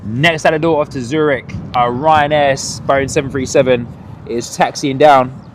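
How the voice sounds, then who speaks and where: A man's voice: mid-range voice, steady tone, normal speed. A man hosting a live plane-spotting stream outdoors, chatting with viewers and laughing often. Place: outdoors by an airport on a cold windy morning. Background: wind and outdoor ambience.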